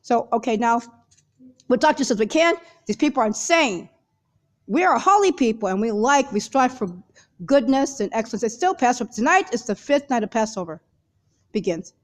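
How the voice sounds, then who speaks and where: A woman with a fairly high voice rushes through a rambling monologue to her viewers. She keeps stalling on repeated fillers and restarting her sentences. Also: expressive. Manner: hurried, halting, many repeated fillers and restarts. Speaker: video blogger.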